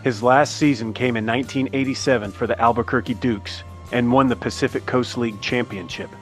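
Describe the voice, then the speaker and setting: A man narrating a scripted tribute in a measured, respectful way. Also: medium pitch, fairly even intonation, soft background music.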